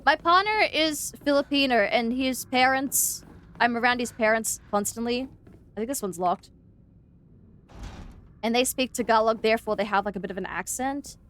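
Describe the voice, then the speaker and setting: A woman's voice: fairly high pitch, normal speed, a bit bright. A young woman with an Australian accent, some of her R's sounding a little American, chatting casually and rambling while she streams a game. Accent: Australian, with slightly American-sounding R's. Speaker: VTuber streamer. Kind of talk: casual gameplay chat.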